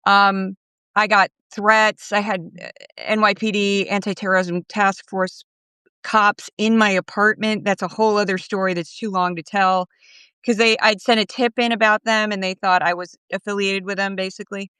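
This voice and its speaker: A woman guest in a remote interview, telling stories in a lively, animated way and mimicking other people's lines. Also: medium pitch, normal speed, clear, resonant tone, dry recording. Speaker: guest commentator. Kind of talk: casual interview chat.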